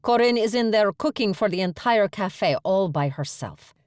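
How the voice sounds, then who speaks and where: A woman voicing a calm, dignified, motherly female cafe owner with a formal way of speaking. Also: mid-range voice, moderate pace, dry recording, studio quality, voice pushed up, close to an everyday voice. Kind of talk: audiobook character voice.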